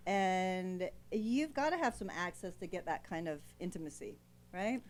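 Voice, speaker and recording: A woman's voice: lowish voice, expressive, moderate pace. A woman hosting a casual talk show, bubbly and playfully crude, laughing often as she chats with her guest. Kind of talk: casual interview chat.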